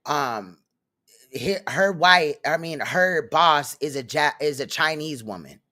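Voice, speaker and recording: Blunt, bright-voiced man hosting. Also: a little high, animated, slow. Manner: blunt, profane, rambling. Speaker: host. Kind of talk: casual commentary.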